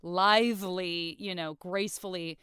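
A woman co-hosting a casual podcast, retelling a cartoon episode in an enthusiastic, emotional and animated way. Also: lowish voice, measured pace, clear, resonant tone, dry recording, studio quality. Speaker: podcast co-host. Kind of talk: casual TV recap chat.

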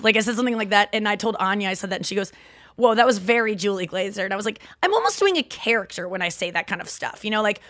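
A woman in her thirties with a Midwestern accent, hosting a podcast in rambling, animated casual chat from home. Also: medium pitch, quick pace, no echo, clean studio sound. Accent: Midwestern American. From St. Louis, Midwest US. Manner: rambling, animated, lots of fillers and self-interruptions. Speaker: podcast host. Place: home, seated in a chair.

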